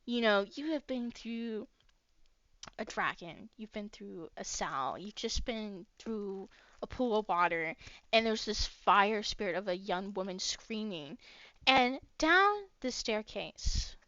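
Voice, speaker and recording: A woman narrating as game master of a livestreamed tabletop game, unhurried and full of fillers. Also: mid-range voice, lively intonation, pushed and bright. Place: home streaming setup. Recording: dull lo-fi stream mic.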